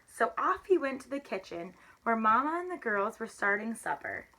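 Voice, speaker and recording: A woman's voice: on the high side, sing-song, moderate pace, bright, forceful tone. Woman reading a picture book aloud. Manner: explains words for young listeners. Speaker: children's book reader. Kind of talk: storybook read-aloud.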